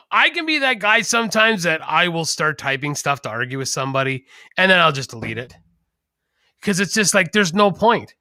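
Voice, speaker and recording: A man with a high, very bright voice chats casually on a podcast. He rambles through anecdotes, clearing his throat as he goes. The recording is close and dry. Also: no room sound. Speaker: podcast co-host. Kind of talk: casual chat.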